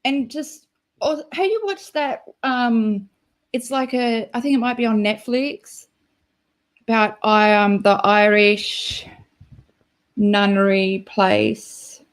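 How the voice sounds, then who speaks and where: A woman rambles through a casual live-stream chat at an unhurried pace. Her talk is loose and giggly, stuffed with "like" as she wanders from thought to thought. Her pitch sits right in the middle for a woman. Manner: rambling, giggly, full of "like" fillers.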